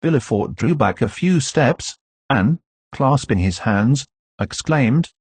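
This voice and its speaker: A man narrating a classic novel in a steady, measured reading, recorded close to the mic. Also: mid-range voice, slightly rough, no room sound. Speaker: audiobook narrator.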